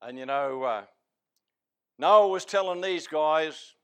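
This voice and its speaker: Folksy Australian preacher with a raised voice. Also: male voice, a little high, takes it slowly, clear, resonant tone. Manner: folksy storytelling preaching with sudden swings between loud and hushed. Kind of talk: sermon.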